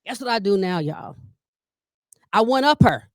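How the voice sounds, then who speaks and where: Woman comedian, mid-pitched, animated storyteller who works the room; dry, close recording. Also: a little slow, no echo. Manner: lively storyteller who addresses the audience directly; acts out quoted dialogue with big pitch jumps. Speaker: comedian and family caregiver leading a workshop.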